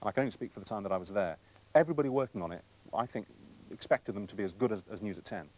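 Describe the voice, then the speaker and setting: A middle-aged man, a TV presenter, telling self-deprecating anecdotes in an interview with quick asides. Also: lowish voice, a little mellow, slight background noise, poor audio. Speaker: TV presenter recalling his career.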